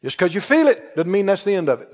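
A man's voice: sits high, very animated, fast. A man preaching a sermon emphatically, leading his congregation in call-and-response. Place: church sanctuary. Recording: dull recording in a reverberant hall.

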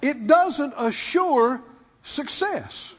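A man's voice: extremely high pitch, lively intonation, drawn-out words, in a large hall, dull audio. A man pastor preaching a sermon, prodding his congregation with rhetorical questions and call-and-response.

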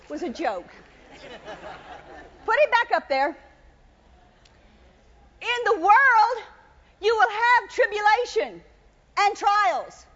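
A woman preaching a sermon in an emphatic, repetitive style, building to loud cries. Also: very high voice, very animated, slow pace, pauses often, big-room sound, dull audio, a faint crowd.

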